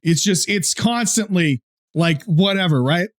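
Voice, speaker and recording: On a laid-back gaming podcast, a male co-host swears, laughs often and spins teasing, crude stories. He speaks at a measured pace in a high, expressive voice.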